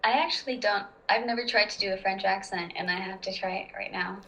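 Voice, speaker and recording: A woman's voice: mid-range voice, brisk, a bit bright, poor audio. A woman chatting casually as a podcast guest, rambling and laughing often. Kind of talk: casual chat.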